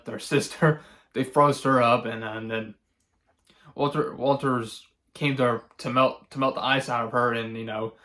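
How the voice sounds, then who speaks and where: A man giving a casual spoken movie review, rambling and halting with many fillers and restarts, chuckling now and then as he recounts scenes. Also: medium pitch, fairly bright tone. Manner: chuckles often while recounting.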